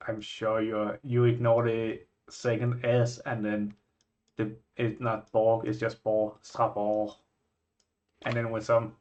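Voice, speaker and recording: A man from Scandinavia chatting casually as he reacts to places, musing and thinking out loud. His voice sits at a middle pitch for a man, and the recording sounds slightly dull and lo-fi. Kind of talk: casual chat.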